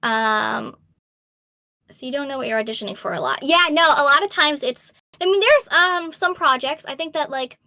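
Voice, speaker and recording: A woman's voice: high voice, animated, moderate pace, sharp tone, dry recording. A young adult woman voice actor with a slight Boston accent, candidly answering fan questions in a casual chat full of ums and laughs. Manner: chatty and candid, reads questions aloud, frequent ums and laughs. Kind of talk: casual Q&A stream.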